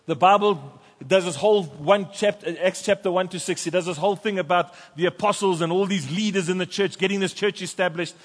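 A pastor preaching a sermon and reading scripture aloud with fervent emphasis in a church. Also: male voice, high-pitched, fairly quick, few pauses. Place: church sanctuary. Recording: long church reverb.

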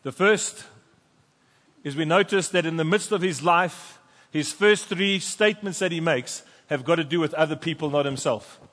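A pastor preaching a sermon and reading scripture aloud with fervent emphasis in a church. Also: male voice, fairly high pitch, normal speed, a bit bright. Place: church sanctuary. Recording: long church reverb.

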